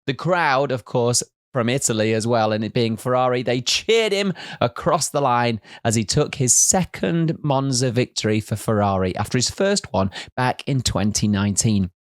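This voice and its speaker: A man's voice: medium pitch, normal speed, hardly any pauses, no echo, studio quality. A man presenting a scripted race recap, with jokey teasing asides.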